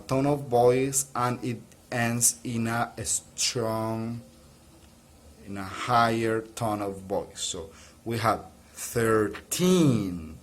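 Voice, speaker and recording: Slow, patient male English teacher. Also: mid-range voice. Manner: slow, patient explaining with many restarts. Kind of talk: recorded video lesson.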